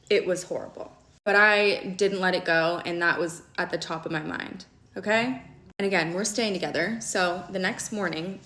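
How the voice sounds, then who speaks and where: A young woman telling a personal story in a vlog, emphatic and fast, often stopping to check in with "okay?". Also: lowish voice, fairly bright tone. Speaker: storytime vlogger. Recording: echoey room.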